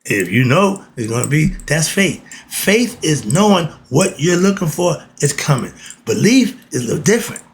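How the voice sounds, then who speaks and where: Male teacher, slightly high gravelly voice, preachy call-and-answer delivery. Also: sing-song, normal speed. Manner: preachy, asks himself questions and answers them. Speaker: spiritual teacher. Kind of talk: casual motivational talk.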